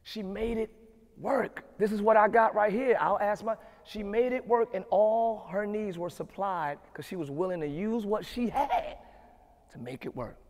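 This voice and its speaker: High-voiced pastor preaching in a reverberant hall. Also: male voice, moderate pace. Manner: preaches with rising shouted emphasis and repeated refrains. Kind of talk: sermon. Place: church sanctuary.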